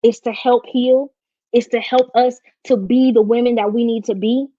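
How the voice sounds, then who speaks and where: A woman's voice: a little high, steady tone, moderate pace, dark tone. Emotional woman livestreaming, close to tears. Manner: emotional and heartfelt, slangy and informal. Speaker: livestream host. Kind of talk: casual live-stream chat. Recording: dry, slightly dull lo-fi stream audio.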